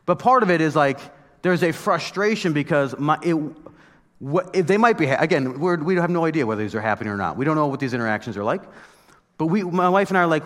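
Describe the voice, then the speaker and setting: Pastor, thirties, man, casual storytelling sermon, voice a bit high, big echoing hall. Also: quick pace. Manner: conversational, animated storytelling with mock outbursts.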